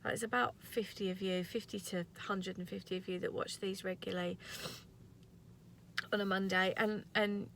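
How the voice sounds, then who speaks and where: A woman's voice: medium pitch, flat delivery, normal speed, gravelly, a bit bright, slight background noise. A woman in her thirties recording an earnest, rambling motivational vlog from her parked car. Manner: earnest, rambling, tearful at times. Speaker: vlogger.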